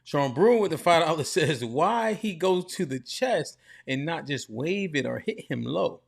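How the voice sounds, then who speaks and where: A man's voice: fairly high pitch, expressive, normal speed, creaky. A man hosting a livestream panel, reading donor messages aloud in a casual, slangy way. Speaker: host reading superchats.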